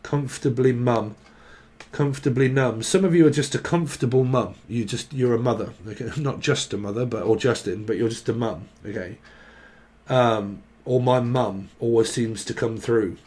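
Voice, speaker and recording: A man's voice: medium pitch, normal speed, darkish tone. A man giving a rambling tarot reading, jumping between word associations, sung snatches and frequent laughs. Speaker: tarot reader. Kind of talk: casual channelled tarot reading.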